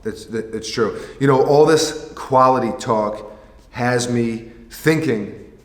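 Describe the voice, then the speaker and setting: Slow and mid-range, a man hosting a sneaker vlog chats casually, joking and restarting as he goes. His voice rings with long reverb in a roomy space.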